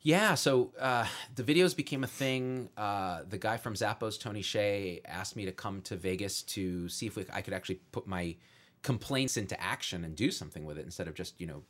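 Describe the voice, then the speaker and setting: A man being interviewed as a guest, telling funny stories in an animated, jokey way and laughing along. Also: fairly low pitch, fairly quick. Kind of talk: comedic storytelling in an interview.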